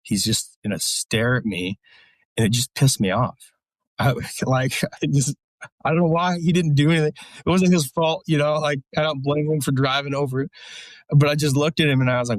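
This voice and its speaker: A man's voice: mid-range voice, normal speed, dry recording. A man, a military veteran guest, telling a story casually in a blunt, profane, rambling way with lots of fillers.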